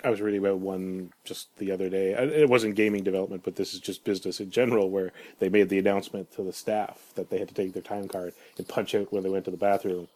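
A man's voice: sits low, fairly even intonation, quick pace, hardly any pauses, mellow. A man hosting a casual podcast, easygoing and steering the topics. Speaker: podcast host.

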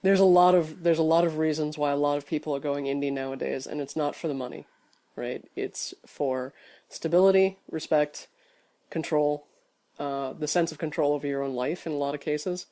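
A man's voice: fairly high pitch, steady tone, moderate pace, warm tone. A man co-hosting a casual podcast, talking in a rambling way with many fillers and restarts. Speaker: podcast co-host.

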